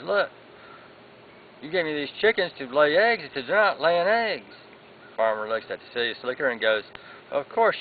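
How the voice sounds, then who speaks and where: A man telling a long folksy joke in a drawn-out storytelling manner. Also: medium pitch. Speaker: joke teller. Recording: tinny lo-fi sound with faint background noise.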